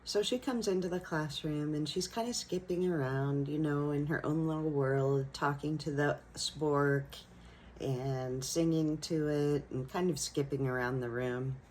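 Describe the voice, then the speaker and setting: Woman teacher, low voice, slow and unhurried, gentle storytelling, reflective. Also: a little hiss or hum, low-quality recording. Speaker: elementary school teacher. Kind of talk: personal storytelling talk.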